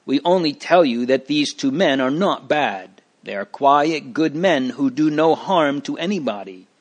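Honest storybook bystanders played by a man, urgent and protesting, pitched higher than the narration. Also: lively intonation, measured pace. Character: honest male bystanders defending innocents.

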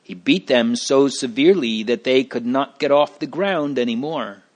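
A man reading a chapter book aloud in a slow, deliberate storybook narration. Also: medium pitch.

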